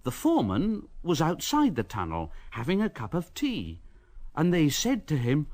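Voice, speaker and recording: A man narrating a storybook in a slow, expressive way. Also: fairly high pitch, dry recording.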